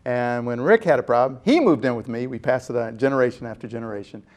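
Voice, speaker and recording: A man in his sixties, a guest telling lively stories about his career and acting out quoted voices as he goes. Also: medium pitch, fast talker. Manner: animated storyteller acting out quotes. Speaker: guest, former jai alai PR director. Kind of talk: storytelling in casual chat.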